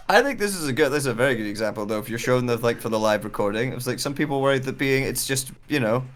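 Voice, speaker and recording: A man's voice: mid-range voice, big pitch swings, fast talker, a bit bright, a little hiss or hum. A man, a voice actor, chatting casually and jokily between takes of a recording session. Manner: jokey, playful, self-deprecating. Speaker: voice actor and writer.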